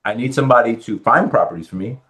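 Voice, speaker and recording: A man's voice: medium pitch, fast. A middle-aged man from the Bronx, a guest in a podcast interview, telling his story and acting out what people said to him. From Bronx, New York. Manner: animated storyteller acting out quoted dialogue. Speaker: guest, real estate lender.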